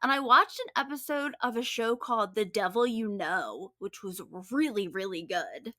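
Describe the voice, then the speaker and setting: A woman co-hosts a true-crime podcast, walking through a case in a chatty, upbeat way and swearing casually. Her voice sits a little high and sounds bright and forceful. It is recorded close and dry, with no room sound. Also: expressive, moderate pace, dry recording. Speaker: podcast co-host and case writer.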